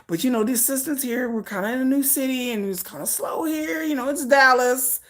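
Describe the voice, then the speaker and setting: A woman voicing a celebrity's assistant who makes odd requests sound reasonable, in a soft, soothing, overly calm manner. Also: fairly high pitch, normal speed, creaky, voice pushed down.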